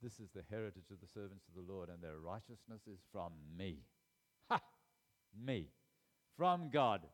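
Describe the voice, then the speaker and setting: A man's voice: deep voice, normal speed, fairly bright tone. Emphatic man preaching a sermon. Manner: emphatic, repeats key phrases, rises sharply for emphasis.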